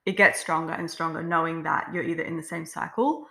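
A woman co-hosting a self-development podcast in casual conversation. Her voice sits fairly low, and she talks in a relaxed, reflective way, often filling pauses with "like". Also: vocal fry. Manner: relaxed, reflective, uses many fillers. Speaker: podcast co-host.

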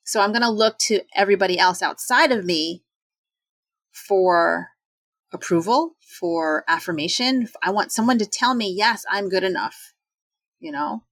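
A woman in her forties in casual talk, chatty and animated, acting out quoted voices with sudden jumps in pitch. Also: normal speed, dry recording. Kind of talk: casual talk on self-doubt.

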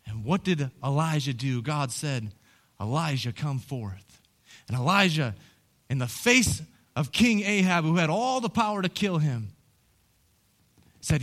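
A man preaching a sermon as pastor, moving from hushed, low storytelling to loud, rising calls. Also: animated, a little slow.

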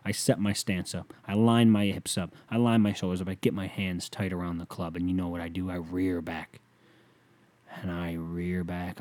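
A young man hosting a podcast alone, rambling through a profane, casual story and now and then breaking into loud whoops. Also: medium pitch, normal speed. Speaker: podcast host. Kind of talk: casual solo podcast rant.

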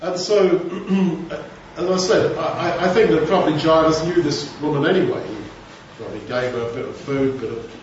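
Male preacher, conversational and rambling, somewhat high voice, recorded from a distance. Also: moderate pace, a little hiss or hum. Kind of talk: informal Bible teaching. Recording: echoey room, distant mic, dull sound.

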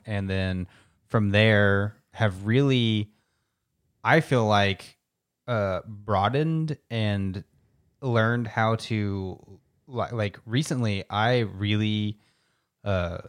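A man's voice: fairly low pitch, clean tone. A man co-hosting a podcast, chatting casually in a rambling way full of fillers. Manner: rambling, filler-heavy, restarts often. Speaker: podcast co-host. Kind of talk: casual chat.

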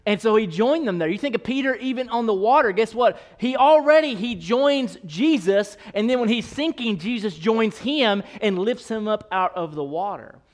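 A male pastor preaching a sermon in an animated, playful way, speeding up and slowing down as he goes. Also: high-pitched. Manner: animated, playful, shifting pace.

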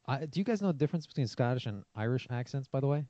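Easygoing guy hosting a podcast, middle pitch, dull lo-fi mic. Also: lively intonation, rapid-fire, warm tone, dry recording. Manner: laid-back, laughs easily. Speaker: podcast host. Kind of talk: casual chat. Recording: dull lo-fi sound.

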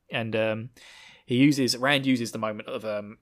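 A man hosting a podcast, recapping a book in an animated, slangy, laughing storytelling manner. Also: fairly low pitch, measured pace. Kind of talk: casual chat.

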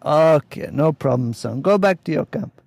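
A man's voice: a little high, expressive, normal speed, gravelly, darkish tone, no room sound, voice pushed up. A man putting on a laid-back, placating camp guy. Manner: easygoing, placating, dismissive. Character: laid-back local man at a rival bush camp, brushing off complaints.

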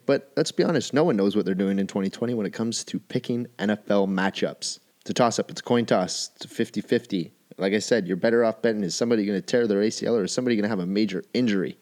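A man with a somewhat low voice talks straight to his listeners as the host of a solo football picks show. He delivers his bets in an emphatic way and drives his points home by repeating key phrases. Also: a little mellow. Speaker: sports betting show host. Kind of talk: solo sports picks commentary.

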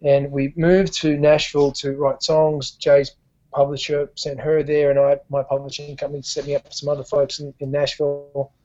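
A man's voice: on the high side, monotone, moderate pace, warm tone, highs cut off. A man with an Australian accent, a musician guest telling stories in a rambling way with frequent restarts. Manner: rambling, lots of restarts and fillers. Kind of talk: conversational storytelling.

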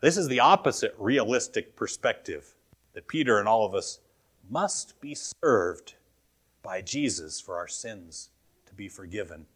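A man's voice: fairly low pitch, lively intonation, unhurried, a bit bright, breathy edge. A man preaching a sermon in a conversational way, often asking his listeners questions. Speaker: pastor.

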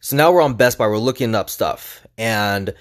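Lower-voiced young man telling a rambling story. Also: normal speed. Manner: rambling, filler-heavy with frequent "like". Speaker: vlogger. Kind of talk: casual storytelling.

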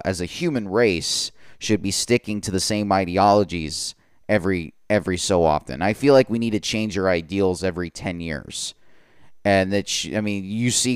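A man's voice: deep voice, clean tone, no room sound, studio quality. A man hosting a podcast, talking in a casual, earnest monologue with occasional stumbles and repeated words.

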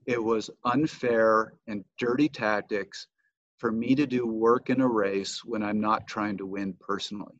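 A man, a cycling coach and former racer, telling race stories in a measured, explanatory way as a podcast guest. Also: lowish voice, steady tone, fairly bright tone, no echo. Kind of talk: casual interview storytelling. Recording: dull, dry lo-fi remote audio.

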